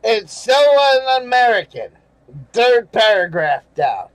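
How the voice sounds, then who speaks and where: A man with a fairly high voice rants at a slow, dragging pace, cursing and sarcastic as he reads out comments. He chuckles now and then between angry remarks. The sound is dry and close. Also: sing-song, dry recording, poor audio. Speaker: channel host reading viewer comments. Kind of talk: casual ranting commentary.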